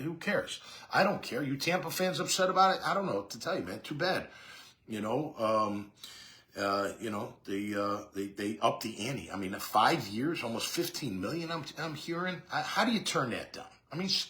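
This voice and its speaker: A man's voice: mid-range voice, very animated, moderate pace, bright, forceful tone. A man hosting a sports talk show, giving a casual, rambling monologue full of fillers and restarts. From Jacksonville area.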